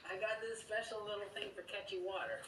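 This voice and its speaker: A man working as a doctor, calmly explaining a procedure and chatting gently to a child. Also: high-pitched, fairly quick, distant mic, noisy background. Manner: calm, chatty, soothing to a child. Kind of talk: medical video narration.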